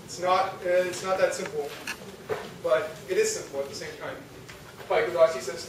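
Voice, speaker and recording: A young man with a high voice gives a talk to an audience. He keeps it chatty and ends sentences with "right?" He sounds far from the mic in a very echoey, noisy hall. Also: steady tone, normal speed, long pauses. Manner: conversational, asks the audience, frequent rhetorical "right?". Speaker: lecturer. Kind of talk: religious youth talk.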